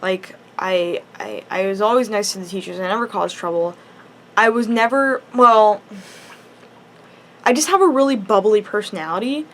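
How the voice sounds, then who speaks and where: A woman's voice: mid-range voice, moderate pace, a bit bright, slight background noise. A teenage girl chats through a personal story for her vlog. She rambles, restarts her sentences and fills them with "like" in a loose, casual way. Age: teens. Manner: rambling, chatty, full of "like" and restarts. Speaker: high school student.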